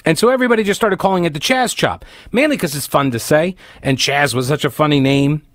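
A man's voice: a little high, fast, fairly bright tone, dry recording, clean studio sound. A man hosting a talk radio show, delivering an opinionated monologue full of sarcastic, mocking asides.

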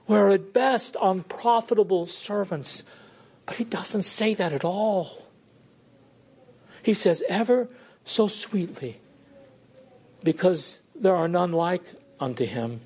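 A man preaching a sermon with fervor, rising to pleading questions and dropping low and quiet to drive points home.

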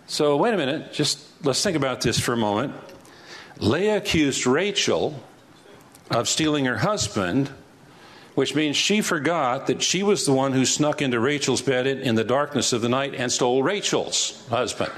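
A man's voice: medium pitch, animated, normal speed, a bit bright. A male pastor teaching through Bible passages verse by verse, conversational and asking rhetorical questions.

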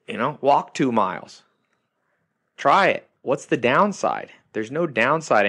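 A man's voice: mid-range voice, a bit bright, dry recording, clean studio sound. Emphatic man giving a motivational talk. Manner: emphatic, punchy, repeats key phrases. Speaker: podcast host. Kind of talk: motivational monologue.

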